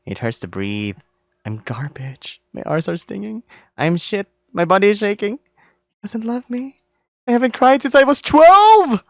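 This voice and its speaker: A man's voice: high-pitched, big pitch swings, moderate pace, creaky, no room sound, voice pushed up, full character voice. A man reading the inner monologue of a naive, anxious young male deer in a visual novel, dramatic and despairing. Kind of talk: visual novel read-aloud.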